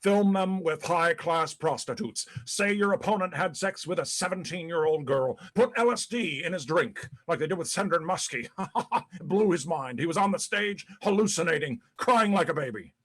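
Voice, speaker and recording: A man's voice: on the high side, expressive, moderate pace, a bit bright. A man playing a disgraced, paranoid ex-president in a one-man stage monologue, profane and rambling, stammering between bluster and self-pity. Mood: scheming, boastful. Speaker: actor in a one-man play. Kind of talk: live-streamed stage monologue.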